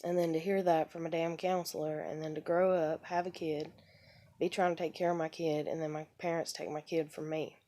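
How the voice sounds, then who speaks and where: A young adult woman rambling bitterly about her life, halting often with "you know" fillers. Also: low voice, flat delivery, mellow. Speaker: vlogger. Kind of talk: unscripted personal rambling.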